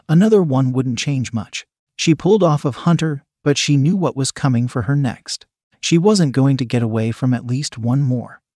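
A man reading a story aloud in a steady, scripted narration style. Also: medium pitch, dry recording, clean studio sound.

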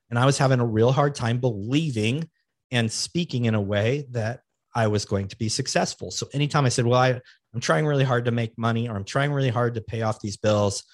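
A man's voice: medium pitch, no room sound. A man hosting a podcast, giving earnest motivational advice in a coaching manner and repeating key phrases for emphasis. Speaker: podcast host.

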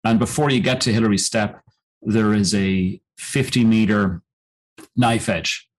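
A middle-aged man with a somewhat low voice recounts a personal story as a podcast guest. He speaks reflectively, pausing often and restarting his sentences. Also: a little hiss or hum, rough recording. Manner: reflective, halting, with frequent fillers and restarts. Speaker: podcast guest, mountaineer and coach. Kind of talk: storytelling in an interview.

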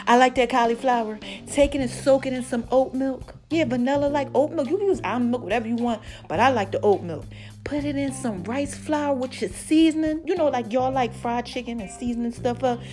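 Young woman vlogging, hyped and playful, bit high voice, faint music behind. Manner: animated, playful, calls listeners baby. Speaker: vlogger and podcast host. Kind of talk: casual chat to followers.

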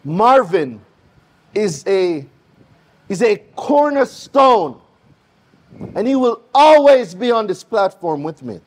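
A middle-aged man with a Jamaican accent, speaking live on a conference stage with an energetic, preachy manner that calls out to the audience. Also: high-pitched, slow pace, long pauses. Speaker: guest speaker.

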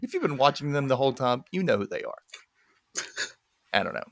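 A podcast co-host chats through a film's plot, animatedly performing the characters' lines. He has a mid-range voice at a moderate pace, recorded with clean studio sound and no echo.

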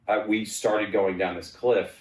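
A man in his forties telling stories as a guest in a casual chat. He wanders through his sentences and jumps into high, excited voices when quoting himself. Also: a little slow, roomy sound. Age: 40s.

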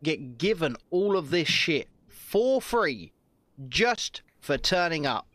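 A man's voice: on the high side, very animated, slow pace, fairly bright tone, no room sound. A man on a video call, chatting casually and ranting with heavy swearing. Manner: profane, ranting, grows heated and emphatic. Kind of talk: casual online chat.

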